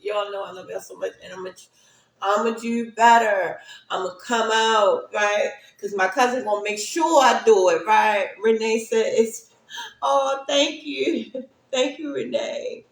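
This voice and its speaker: A woman's voice: mid-range voice, moderate pace. A woman casually telling a personal story to her viewers, chatty and often checking in with "right?". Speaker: speaker sharing personal stories. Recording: roomy echo.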